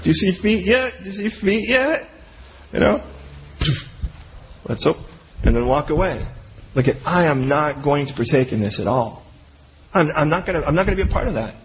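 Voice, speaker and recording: Guy preaching, super lively swoopy voice, jokey asides, keeps restarting sentences. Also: a little high, fairly quick, pauses often, slight background noise, low-quality recording. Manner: animated, conversational, joking asides; restarts and trails off mid-sentence. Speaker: pastor. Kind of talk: sermon.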